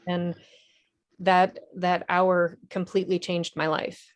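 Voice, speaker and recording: A woman's voice: fairly low pitch, completely flat delivery, takes it slowly. A woman, an Army veteran and nonprofit director, telling her story in a TV interview in an earnest, candid way with small restarts.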